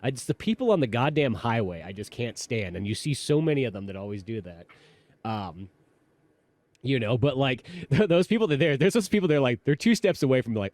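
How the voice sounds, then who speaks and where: A man's voice: medium pitch, lively intonation, fairly quick, darkish tone, dry recording. A man co-hosting a podcast in casual chat, crude and rambling, often laughing. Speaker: podcast co-host.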